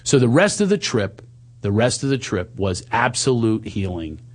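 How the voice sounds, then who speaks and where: A man candidly telling a personal story in conversation, animated, sometimes quoting himself in higher voices and dropping low and soft at tender moments. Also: moderate pace.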